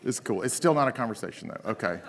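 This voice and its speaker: A man's voice: fairly low pitch, expressive, quick pace. A man from South Carolina with a Southern accent, emceeing a live conference with loose, teasing banter. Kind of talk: live stage hosting. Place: conference stage.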